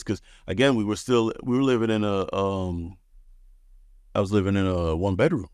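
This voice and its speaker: A man's voice: lowish voice, steady tone, normal speed, darkish tone, clear, resonant tone, no echo, studio quality. A man in his thirties, a podcast guest telling his story in a laid-back, frank way, swearing freely. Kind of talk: casual storytelling.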